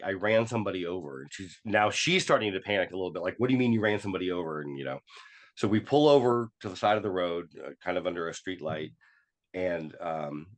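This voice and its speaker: A man talking as a podcast guest, telling a personal story with many fillers and restarts and acting out quoted dialogue. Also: deep voice.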